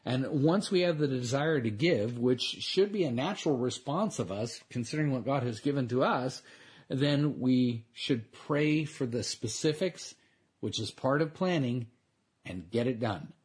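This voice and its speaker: Husky-voiced man preaching a conversational sermon. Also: mid-range voice, animated, a little slow, darkish tone. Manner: earnest, conversational preaching with frequent restarts. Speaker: pastor.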